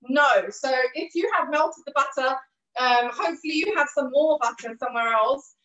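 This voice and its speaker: A woman leads a live cooking lesson online from her kitchen, offering patient, supportive guidance in a high voice that's bright and forceful at a normal speed. Her throat is slightly rough, with an occasional cough. Because she stands well back from the mic in a large room, the sound comes across muffled and dull.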